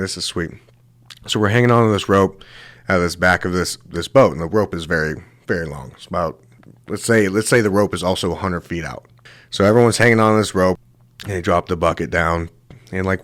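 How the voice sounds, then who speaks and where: Low-voiced young man telling crude stories. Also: no echo. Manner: crude, rambling, swears a lot and laughs at his own stories. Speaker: show host. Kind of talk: comedic storytelling monologue.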